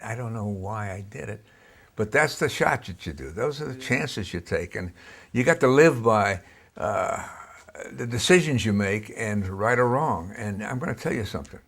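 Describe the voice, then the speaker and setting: A man's voice: lowish voice, expressive, moderate pace, fairly bright tone. An older man being interviewed, telling film-set stories in a blunt, salty, emphatic way. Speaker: cinematographer interviewee. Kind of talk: anecdotal interview storytelling.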